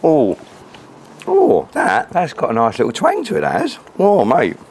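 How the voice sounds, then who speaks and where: A man's voice: a little high, huge pitch swings, measured pace, a little mellow, slight background noise. A man chatting cheerfully as he cooks outdoors, joking and swearing a lot. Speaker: cooking vlogger. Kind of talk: casual cooking chat to camera. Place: outdoors at a grill.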